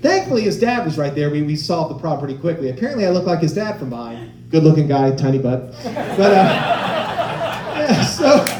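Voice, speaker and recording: A man in his forties performing stand-up comedy, telling stories in an animated way and acting out the voices of people he quotes. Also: fairly high pitch, normal speed, a crowd in the background. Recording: roomy live-venue sound.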